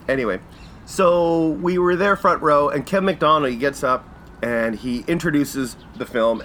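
A Canadian man hosting a podcast, telling a casual story with laughs and acting out quotes in jumpy high voices. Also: a bit bright, slight background noise. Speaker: podcast host.

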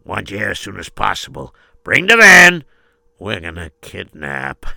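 A man's voice: deep voice, wildly swooping pitch, a little slow, vocal fry, pushed and bright, no room sound, voice pushed down, heavily acted. A man voicing a bodyguard who secretly plots a kidnapping, speaking in curt orders. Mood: scheming. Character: adult male bodyguard, scheming kidnapper.

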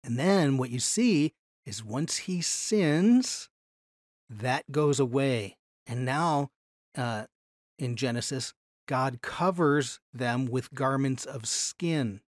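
A man teaching a Bible class from slides in an animated way, slowing down to stress key phrases. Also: mid-range voice, no room sound, studio quality.

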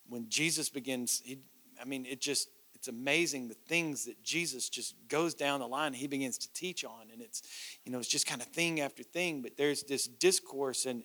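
A man's voice: high voice, sharp tone. A middle-aged man preaching a sermon in a conversational way, acting out quoted prayers and everyday dialogue. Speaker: lead pastor.

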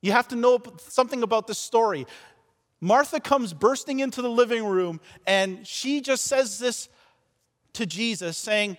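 A man preaching a sermon as pastor, repeating words as he stumbles, swinging between loud and soft passages. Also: extremely high pitch, normal speed. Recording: long reverb of a large church hall.

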